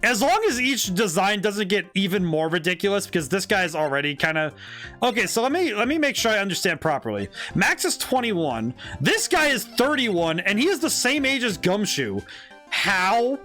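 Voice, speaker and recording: A man's voice: high voice, big pitch swings, normal speed, bright, forceful tone. Incredulous man streaming a game. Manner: incredulous, exclamatory. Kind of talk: live-stream let's play commentary. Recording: faint game music behind.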